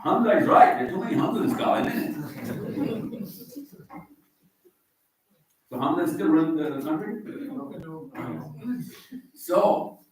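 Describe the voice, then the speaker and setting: Man, Pakistani accent, provocative mosque talk, heard from afar. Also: a little high. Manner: teasing, provocative, quizzes the crowd. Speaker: guest speaker. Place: large echoey mosque hall. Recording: echoey hall from far off.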